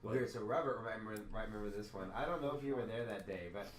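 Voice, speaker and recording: A man's voice: lowish voice, very fast, slight background noise. A young man, podcast co-host, chatting casually and telling a work story in a laid-back way. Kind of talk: casual chat. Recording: roomy, distant mic with chatter.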